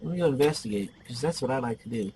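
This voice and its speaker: A man's voice: medium pitch, lively intonation, racing, darkish tone, poor audio. A man chatting over his gameplay in an easy, rambling way, drifting into jokey stories. His voice sits in a plain mid range, with a faint hum of ambient noise behind him. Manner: rambling, joking storyteller. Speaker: gameplay commentator. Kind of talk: casual gameplay commentary.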